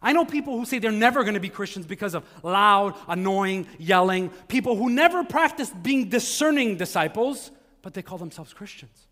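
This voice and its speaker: A man's voice: high voice, animated, moderate pace, a bit bright. A man preaching a sermon as pastor, talking in a loose conversational way and acting out the voices of the people he quotes. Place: church sanctuary. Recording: long reverb of a large hall.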